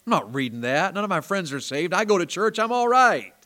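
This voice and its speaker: Man, Southern accent, preacher, storytelling sermon, somewhat high voice, quiet asides rising to loud emphatic bursts. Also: big pitch swings, fairly quick. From Tennessee. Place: small church during a service.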